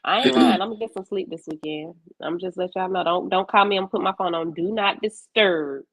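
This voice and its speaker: A woman, co-hosting a casual podcast chat and telling stories with animated, acted-out quotes. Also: fairly quick, no echo. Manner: animated storyteller, voices quotes with big pitch jumps. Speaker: podcast co-host. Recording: dull lo-fi sound.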